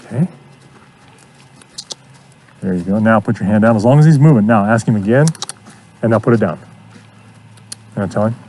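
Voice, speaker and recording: A man coaching a student through horse training outdoors, giving steady encouragement and repeating his praise. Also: lowish voice, moderate pace, long pauses, a little hiss or hum. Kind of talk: hands-on coaching.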